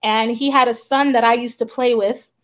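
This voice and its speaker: Chatty higher-voiced woman telling a story. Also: fairly even intonation, moderate pace. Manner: chatty, heavy on 'like' and 'you know'; acts out quoted voices. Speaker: show host and psychic medium. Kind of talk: casual storytelling chat.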